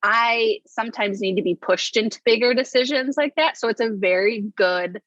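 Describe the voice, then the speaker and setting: A woman's voice: fairly high pitch, moderate pace, fairly bright tone, no echo, muffled recording. A woman in a casual business chat, explaining her work in a chatty way, laughing often. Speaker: business integrator, co-host.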